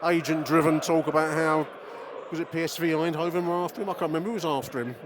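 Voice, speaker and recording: A man's voice: fairly high pitch, steady tone, fast talker. A middle-aged man, a podcast host recording casual, opinionated match commentary from the stands, swearing and talking straight to his listeners. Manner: chatty, opinionated, swears, addresses listeners directly. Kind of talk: casual in-stadium football commentary. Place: football stadium stands, outdoors. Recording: noisy crowd stadium recording.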